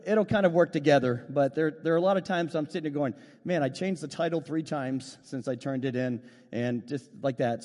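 A man's voice: fairly high pitch, darkish tone, long reverb tail. A man preaching as a youth pastor, with a casual, rambling style full of restarts and funny stories, and allergies making him cough. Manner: rambling, restarts often, storytelling with humor. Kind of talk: sermon.

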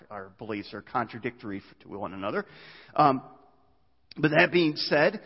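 A man preaching from the pulpit, his voice carried on a long reverb through a large hall and sounding slightly muffled. He moves between loud, raised stretches and quieter ones, tripping over words and restarting as he goes. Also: medium pitch, brisk. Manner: animated preaching with frequent stammered restarts. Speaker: pastor. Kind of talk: sermon.

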